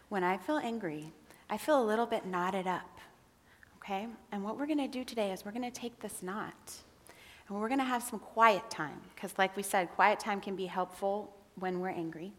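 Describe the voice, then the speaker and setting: A woman giving a gentle, patient children's message to kids in front of a congregation, encouraging them as she talks. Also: medium pitch, brisk. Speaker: religious educator leading a children's time. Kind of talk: children's message in a worship service. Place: large hall in a congregation. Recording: echoey hall with music.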